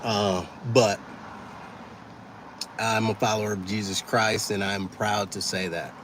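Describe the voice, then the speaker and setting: A man talks easygoingly to his livestream viewers at an unhurried pace, thanking them as they come in. His voice sits a little low, with faint background noise under it. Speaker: livestream host. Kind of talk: casual livestream chat.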